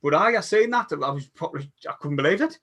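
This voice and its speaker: A man's voice: fairly high pitch, animated, quick pace, fairly bright tone. A man, hosting a casual football chat and stumbling over restarts as he reads viewer comments aloud. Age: 40s. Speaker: podcast host.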